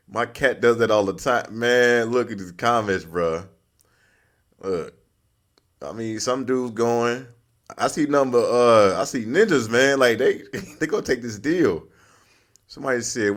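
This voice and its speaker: A man hosting his channel, giving loose, slangy reaction commentary and laughing often. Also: mid-range voice. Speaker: channel host.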